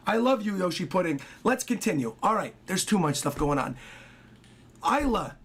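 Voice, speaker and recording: Hoarse, high-voiced excitable man streaming. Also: normal speed. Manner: excitable, rambling, talks to chat and his dog. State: hoarse, voice worn out. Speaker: streamer reading donations. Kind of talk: casual livestream chat.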